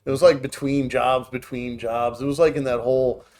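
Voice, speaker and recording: A man's voice: mid-range voice, steady tone, normal speed, a little mellow. A man in his forties hosting a podcast, telling a story in loose, profane, rambling talk. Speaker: podcast host. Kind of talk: casual chat.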